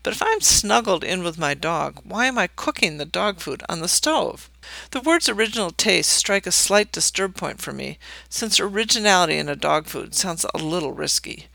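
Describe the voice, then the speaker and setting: A man's voice: high voice, lively intonation, moderate pace, creaky, bright, forceful tone, no echo. A man reading a scripted essay aloud, with dry, wry humor and mock-grand readings of quoted text.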